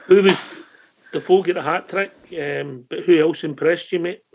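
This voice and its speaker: A man's voice: on the high side, normal speed, gravelly, a little mellow, dull audio. A Scottish man hosting a fan phone-in, joking and teasing his co-host and callers. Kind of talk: casual radio chat.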